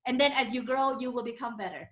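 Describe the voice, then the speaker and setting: A woman's voice: on the high side, quick pace, a bit bright. A woman hosting a casual interview over a video call, speaking earnestly with some restarts. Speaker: host.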